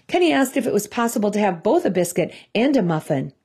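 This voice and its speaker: A woman's voice: medium pitch, sing-song, quick pace, dark tone, husky. A woman from Minnesota with a Midwestern accent, telling a devotional story in an earnest, conversational way. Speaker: devotional host.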